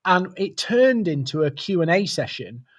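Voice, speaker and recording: Male webcast host, slightly high voice, casual and chatty. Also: sing-song, normal speed, slightly rough. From United Kingdom. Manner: chatty, greets viewers by name. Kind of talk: live webcast chat.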